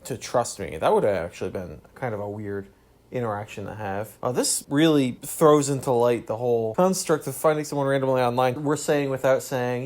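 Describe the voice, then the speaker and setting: A man's voice: medium pitch, expressive, darkish tone. A man giving a casual solo TV review, rambling and sarcastic, second-guessing himself and slipping into mocking character voices. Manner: rambling, sarcastic, self-questioning; mimics characters in quick put-on voices.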